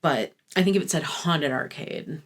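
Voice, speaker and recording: A woman's voice: low-pitched, normal speed. A woman in her thirties chatting through a casual review vlog, candid, rambling and self-deprecating, with frequent swearing. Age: 30s. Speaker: fashion vlogger.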